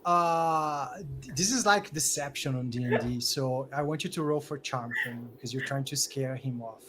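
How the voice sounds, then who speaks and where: A man's voice: medium pitch, normal speed, over a noisy crowd. A man running a tabletop game as game master, setting scenes with lots of "like" and restarts.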